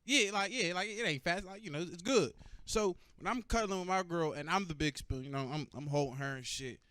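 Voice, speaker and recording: Young male stand-up comic, fairly high voice, profane, teasing the crowd, dry and close. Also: a little fast, no echo. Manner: animated, profane, bantering with the crowd. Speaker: stand-up comedian. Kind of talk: stand-up comedy.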